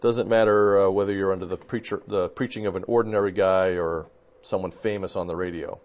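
A pastor with a fairly low voice talks theology in a loose, conversational way. He wanders, backtracks and fixes his own details as he goes, keeping it unhurried and informal. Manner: relaxed, rambling, with fillers and self-corrections. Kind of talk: casual theological discussion.

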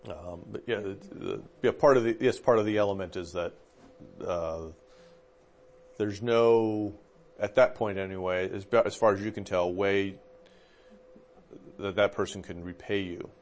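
A fairly low-voiced man preaching in a loose, conversational way. He leans on fillers as he thinks aloud and keeps checking in with his listeners with a quick "okay?". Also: steady tone. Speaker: pastor teaching a class. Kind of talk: conversational teaching.

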